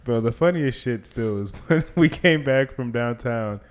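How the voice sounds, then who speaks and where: A man's voice: mid-range voice, lively intonation, measured pace. A young man co-hosting a podcast in laid-back casual chat, laughing along and swearing casually. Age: young adult. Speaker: podcast co-host.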